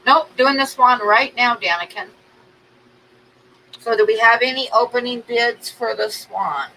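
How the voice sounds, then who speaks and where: A woman's voice: fairly high pitch, unhurried, pushed and bright, a little hiss or hum, poor audio. A woman artist chatting casually on a livestream, telling stories and laughing often as she runs an art auction.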